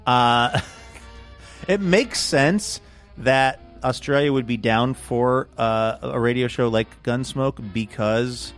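A man's voice: medium pitch, slow, faint music behind. Thoughtful male podcast co-host. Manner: thoughtful, hesitant. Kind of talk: casual chat.

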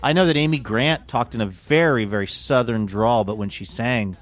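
A man's voice: mid-range voice, moderate pace, faint music behind. A man co-hosting a podcast in casual chat, rambling and playful as he runs a quiz. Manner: rambling, playful, self-mocking. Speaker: podcast co-host and quizmaster.

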